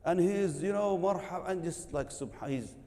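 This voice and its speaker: A man tells an animated story to a gathering, laughing often and acting out lines in other voices. His voice is mellow and mid-pitched, and it rings in a long hall reverb. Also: normal speed. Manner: lively, laughing, acts out quotes. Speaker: co-speaker at a religious gathering.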